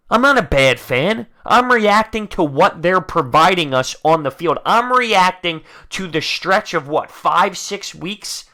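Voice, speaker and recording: A man ranting as host of a fan reaction video, frustrated, dropping into low grumbles and then breaking into loud outbursts. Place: indoors, talking to camera.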